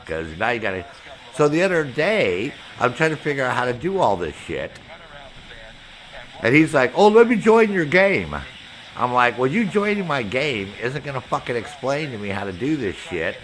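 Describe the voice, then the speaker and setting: A male gaming streamer venting to his chat in a loose, profane rant. He acts out both sides of an argument as he tells the story, and his voice sits at an ordinary middle pitch for a man. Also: moderate pace, slight background noise. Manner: heavy cursing, animated storytelling with quoted back-and-forth.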